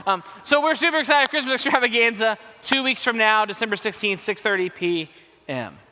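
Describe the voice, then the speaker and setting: A man's voice: high voice, animated, brisk, bright, forceful tone, long reverb tail. A young man making upbeat church announcements to his youth group, enthusiastic and repeating words for emphasis.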